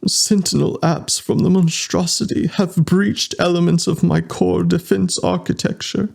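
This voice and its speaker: Man doing a grumbling ship AI, raised pitch, formal audiobook voice. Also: level tone, unhurried, creaky, a little mellow, breathy edge, full character voice. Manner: formal, then muttering insults.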